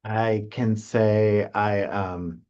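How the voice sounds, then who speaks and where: A man speaking on a panel in a halting, casual way with many fillers and restarts. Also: on the low side, steady tone, darkish tone, dull audio. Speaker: presenter.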